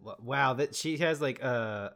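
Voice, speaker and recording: A man's voice: medium pitch, unhurried, creaky, fairly bright tone. A man co-hosting a casual movie podcast, wry and chatty. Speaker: podcast co-host. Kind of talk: casual movie review chat.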